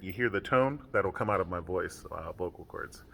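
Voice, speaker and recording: Low-voiced young man telling his story. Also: gravelly, pushed and bright. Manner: candid, rambling, full of "like" and "um"; speaks in a deliberately low comfortable tone. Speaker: podcaster. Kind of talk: personal monologue.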